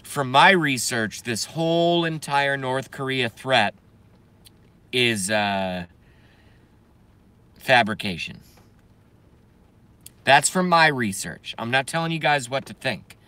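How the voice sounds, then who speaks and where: A man ranting angrily and profanely while reading viewer comments, swinging between yelling and mumbling. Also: mid-range voice, slow, long pauses, smooth, no echo. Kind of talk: angry political rant and comment reading.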